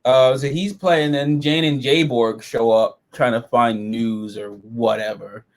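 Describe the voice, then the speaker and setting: A man's voice: mid-range voice, measured pace. A man hosting a casual review chat, rambling and swearing freely as he talks through an episode. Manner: animated, profane, rambling. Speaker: show host reviewing episodes.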